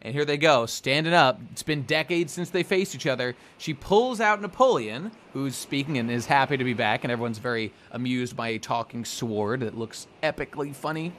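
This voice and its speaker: A man chatting casually as a podcast co-host, rambling along and swearing freely. His voice sits at a middle pitch, with a faint hiss of background noise. He sometimes slips into quick put-on voices for the characters. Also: lively intonation, a bit bright. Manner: rambling, profane, acts out characters' lines. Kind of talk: casual chat.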